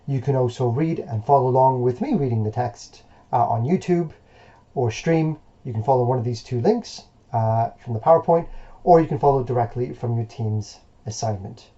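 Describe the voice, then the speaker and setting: A male teacher giving a recorded remote lesson in a relaxed, encouraging way, with plenty of hesitations and fillers. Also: mid-range voice, moderate pace, highs cut off.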